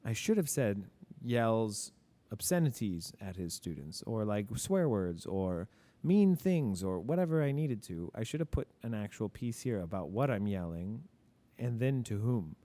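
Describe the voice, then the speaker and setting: A man's voice: fairly low pitch, sing-song, unhurried, hardly any pauses, mellow. A male teacher talking through grammar examples in a casual lesson, asking and answering his own questions. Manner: casual, admits mistakes openly.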